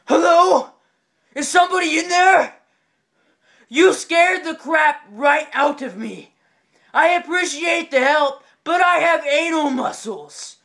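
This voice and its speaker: A man's voice: high-pitched, expressive, takes it slowly, pauses often, bright, forceful tone, exaggerated voice. A man voicing a panicked, frightened man in a restroom stall who shrills out and then pleads with mock solemnity.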